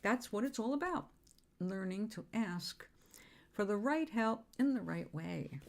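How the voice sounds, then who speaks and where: A woman's voice: mid-range voice, darkish tone. A woman giving a casual self-help talk, chatty and informal, with fillers and the odd swear word.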